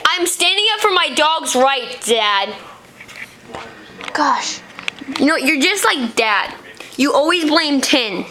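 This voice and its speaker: Woman, high voice, chatty, rambling, casual home vlog, noisy camera audio. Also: lively intonation, takes it slowly, long pauses. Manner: rambling, chatty, playful with pets. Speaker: vlogger. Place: at home indoors.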